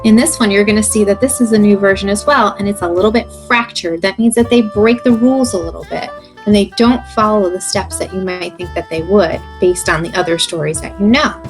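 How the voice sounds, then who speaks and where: A woman's voice: medium pitch, a little fast, soft background music. A woman kindergarten teacher reading a picture book aloud to children and explaining as she goes. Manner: animated, expressive, explains to kids.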